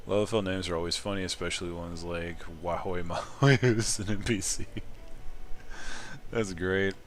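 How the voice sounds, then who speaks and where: A man streaming a game, chatting casually with viewers, excitable, laughing often and swearing now and then. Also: sits low, a little hiss or hum. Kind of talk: casual live-stream commentary.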